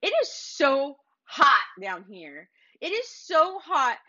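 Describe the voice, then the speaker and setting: A woman's voice: high voice, big pitch swings, slow pace, bright, forceful tone, heavily acted. A woman voicing a complaining man grumbling about the heat, in a whiny way. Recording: slightly dull lo-fi recording.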